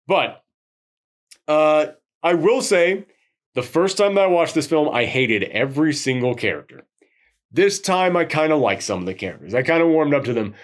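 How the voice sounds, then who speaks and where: A man co-hosting a movie review show from a couch, chatting casually and rambling with animated asides. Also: medium pitch. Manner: chatty, rambling, animated with frequent laughs and quoted voices. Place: living room, on a couch.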